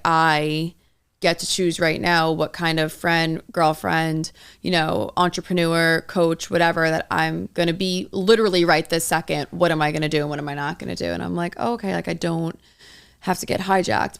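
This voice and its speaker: Young woman podcast co-host, low and smooth with vocal fry, earnest rambling delivery. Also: level tone, normal speed. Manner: earnest, rambling, heavy use of "like". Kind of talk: casual chat.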